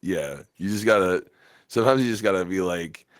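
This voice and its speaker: A man's voice: sits low, brisk, no room sound, studio quality. A man co-hosting a podcast in casual chat, rambling and teasing, laughing often. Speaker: podcast co-host. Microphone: webcam setup at home.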